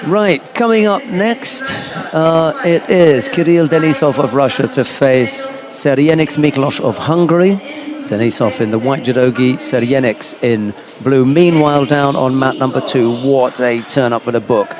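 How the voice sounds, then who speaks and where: A man's voice: mid-range voice, moderate pace, crowd noise. Chatty male judo commentator. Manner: chatty, anecdotal. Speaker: sports commentator. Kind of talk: live sports commentary.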